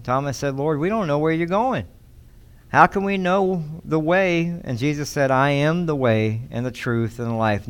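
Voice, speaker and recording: Smooth-voiced man preaching conversationally. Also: medium pitch. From United States. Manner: conversational teaching, repeats key phrases. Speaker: pastor. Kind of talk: sermon.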